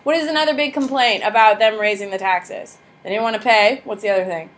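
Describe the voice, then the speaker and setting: A woman from the United States teaching a class history lecture, lively and blunt, asking the class many rhetorical questions. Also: mid-range voice, a little fast.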